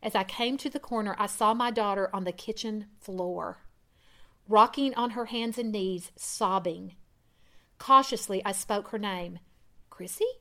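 A woman reading a first-person testimony aloud in an earnest way, growing louder at dramatic moments. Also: mid-range voice, measured pace. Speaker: reader.

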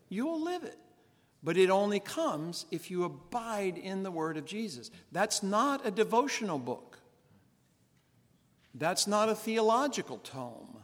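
A man with a fairly high voice preaches a sermon in a church. He presses hard with earnest rhetorical questions. His words ring out with a long hall echo behind them. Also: a bit bright. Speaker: pastor. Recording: reverberant church sanctuary.

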